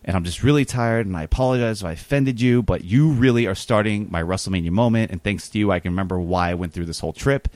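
A man's voice: fairly low pitch, quick pace, hardly any pauses, no echo. A man telling a long rambling anecdote in casual chat, full of fillers and quoted dialogue. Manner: rambling, animated, many fillers. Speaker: guest telling a story. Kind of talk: casual storytelling.

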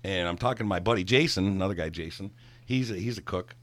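A middle-aged man spins a rambling, profane story in easygoing chat. His voice sits on the low side, and he gets animated and loud as he retells it. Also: fast talker. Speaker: guest storyteller, former bartender.

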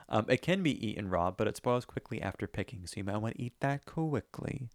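A man's voice: lowish voice, animated, brisk, no echo, studio quality. A man co-hosting a podcast, reading out facts playfully in casual chat. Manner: reads facts aloud playfully. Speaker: podcast co-host.

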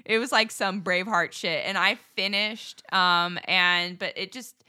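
Slangy, laid-back woman with a bright voice. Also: on the low side, steady tone, a little slow, clear, resonant tone, no echo, studio quality. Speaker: podcast co-host. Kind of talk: casual chat.

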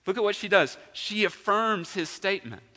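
A man's voice: high-pitched, animated, moderate pace, sharp tone, long reverb tail. A male pastor preaching a sermon in a church, emphatic and asking his congregation questions. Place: church sanctuary.

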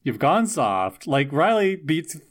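A man with a somewhat high, very lively voice co-hosts a chatty recap podcast. He teases and mock-scolds in a playful way, his pitch swooping up and down as he jokes. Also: takes it slowly. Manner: teasing, mock-scolding, laughs. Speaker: podcast co-host. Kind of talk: casual recap chat.

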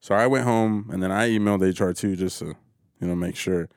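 Low-voiced laid-back man. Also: brisk, clear, resonant tone, no room sound, clean studio sound. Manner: laid-back, profane, quotes others. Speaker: warehouse worker. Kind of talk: casual chat.

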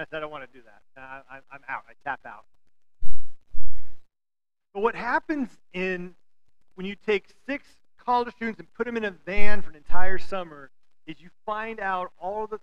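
A man's voice: sits high, clean tone, low-quality recording. A man in his forties preaching a sermon, telling stories and acting out quotes with humor. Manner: animated storytelling with acted-out quotes and humor. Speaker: pastor.

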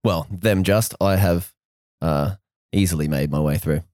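A deep-voiced man playing a tabletop role-playing game, jokey and quick to laugh. His voice sounds dry and close to the mic. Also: a little mellow, no echo. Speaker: player.

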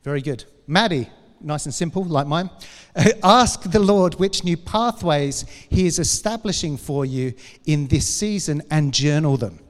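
A man's voice: fairly high pitch, lively intonation, measured pace, in a large hall. A man teaching a church class in a playful, joking way, chatting with his audience.

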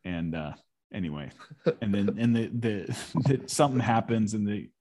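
A man's voice: on the low side, animated, normal speed, a little mellow. A man in a casual conversation about pastoral ministry, thinking aloud and repeating words as he goes.

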